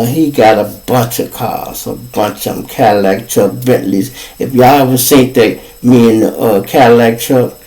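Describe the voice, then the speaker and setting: A man's voice: medium pitch, poor audio. A man with a Chicago accent hosting his own show, telling rambling, profane stories in a casual monologue. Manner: profane, rambling, animated storyteller. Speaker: podcast host.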